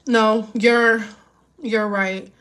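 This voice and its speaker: Extremely slowly, in a clean, slightly bright voice pitched a little high and held level, a mother chats live with viewers. The vlogger is upset and nearly crying, her worried talk rambling and full of restarts.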